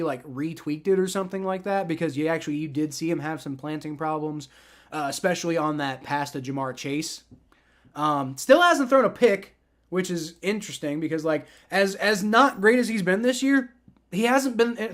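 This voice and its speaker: This livestream host, whose family comes from the American South, reacts to football live with casual, meandering talk, lots of restarts, and swearing. He has a high-pitched voice with a fairly bright tone.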